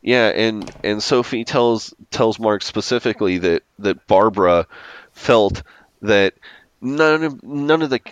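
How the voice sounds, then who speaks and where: A man's voice: lowish voice, a little slow, clean tone, muffled recording. A man co-hosting a podcast, chatting enthusiastically about a TV episode and rambling with frequent restarts. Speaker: podcast co-host. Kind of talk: casual chat recapping a TV episode.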